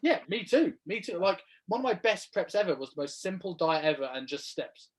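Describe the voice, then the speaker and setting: A man's voice: high voice, sing-song, fairly quick. A man with a Black Country accent co-hosting a casual podcast, bantering and poking fun at himself. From England. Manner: self-mocking, laughing banter. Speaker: podcast co-host.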